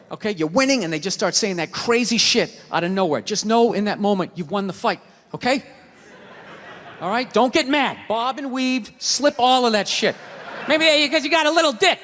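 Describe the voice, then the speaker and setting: Ranting stand-up comedian man, high bright voice. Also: a little hiss or hum. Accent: Boston. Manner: ranting, shouting into exaggerated impressions. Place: stage before a live audience. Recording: live theater recording with crowd and reverb.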